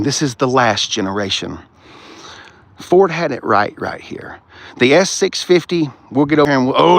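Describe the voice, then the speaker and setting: A man's voice: medium pitch, vocal fry, dry recording. A middle-aged man, hosting a casual walk-around car review and ranting with blunt, profane opinions.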